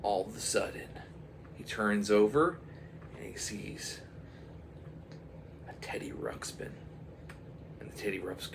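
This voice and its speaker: A man spinning a rambling comic tale in a slow, unhurried way, his pitch leaping up and down as he throws in sound effects. A noticeable hiss of noise sits behind his voice. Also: big pitch swings, vocal fry. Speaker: comedic storyteller.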